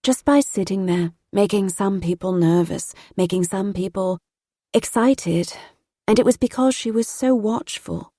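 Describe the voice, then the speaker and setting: A woman voicing a lively young woman. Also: mid-range voice, measured pace, no echo, clean studio sound, pitched above the performer's own voice, natural voice. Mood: chatty.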